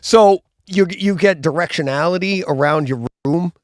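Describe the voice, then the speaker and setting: A man hosting a casual live talk about home theater, telling stories animatedly and acting out gunshot booms. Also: normal speed, no echo, studio quality. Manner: animated, acts out gunshot sounds. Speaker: host. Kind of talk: casual chat.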